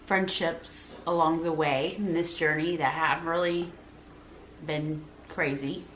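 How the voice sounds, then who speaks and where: A woman guest in a casual chat with friends, talking in a lively way and laughing often. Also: low voice, takes it slowly, echoey room, slight background noise, rough recording.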